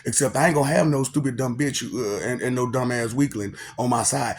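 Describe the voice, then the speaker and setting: Man, rambling monologue, laughs a lot, profane, loud then muttering. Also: medium pitch, fairly quick, a little hiss or hum. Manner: makes mouth sound effects. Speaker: monologue host.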